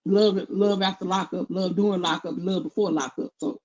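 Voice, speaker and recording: A middle-aged woman co-hosting casual commentary, blunt and opinionated in a steady, even tone. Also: medium pitch, moderate pace, lo-fi sound. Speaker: co-host.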